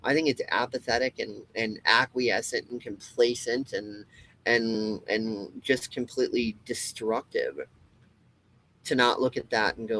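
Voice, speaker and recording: Man, impassioned rambling monologue, swears, mid-pitched voice. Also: steady tone, unhurried, bright, forceful tone, poor audio. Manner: rambling, emphatic, swears, restarts a lot, mocking quoted voices. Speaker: show host.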